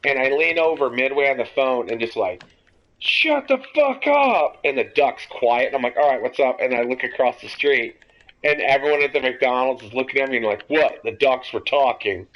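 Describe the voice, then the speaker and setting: A young man hosting a podcast, telling a long story in a casual, rambling, animated way and swearing freely. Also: mid-range voice, fairly quick. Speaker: podcast host. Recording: dull lo-fi audio.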